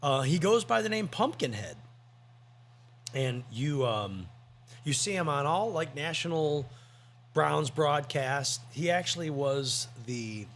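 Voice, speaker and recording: A man's voice: fairly high pitch, expressive, slow, a bit bright. A man co-hosting a podcast, telling rambling, joking stories in casual chat. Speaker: podcast co-host.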